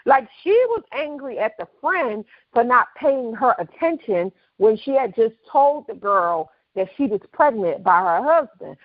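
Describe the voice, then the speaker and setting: Animated New woman telling a story. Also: a little high, measured pace, hardly any pauses, dry recording. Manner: animated storyteller, acts out quoted voices. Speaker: podcast co-host. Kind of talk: casual storytelling chat. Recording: dull, slightly lo-fi dry studio sound.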